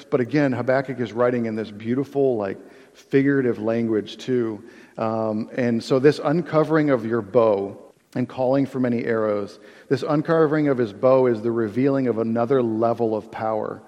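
A male pastor gives a casual, conversational sermon and keeps asking the congregation "right?". His voice sits at an ordinary middle pitch. A long reverb trails off each phrase, as in a church hall. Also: a little mellow, highs cut off. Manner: conversational, asks the audience "right?" often.

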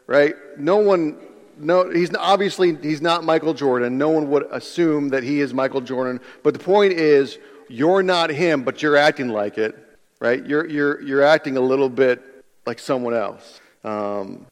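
A man's voice: mid-range voice, moderate pace. A man preaching a sermon in a conversational way, explaining words and asking his listeners rhetorical questions. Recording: long hall reverb.

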